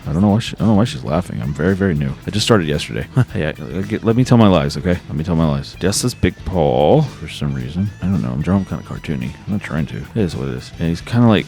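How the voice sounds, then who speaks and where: A man's voice: extremely low pitch, darkish tone. A man casually rambling as he draws on camera, joking and poking fun at himself. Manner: joking, self-deprecating, rambling asides. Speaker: artist drawing on camera. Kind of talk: casual rambling commentary while drawing.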